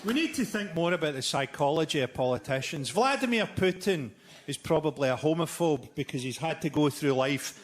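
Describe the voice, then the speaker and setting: A man doing live stand-up comedy, with a deadpan, dark, sardonic delivery and mocking impressions. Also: on the high side, fairly quick. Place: theatre stage before a laughing audience. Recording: live theatre recording with loud crowd noise.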